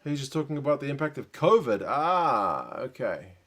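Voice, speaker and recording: A man's voice: mid-range voice, normal speed. Laid-back New Zealand man chatting with viewers. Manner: relaxed, muttered asides and chatty replies to viewers. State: tired, late at night. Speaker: live-stream host. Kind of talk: casual live reaction stream, reading chat.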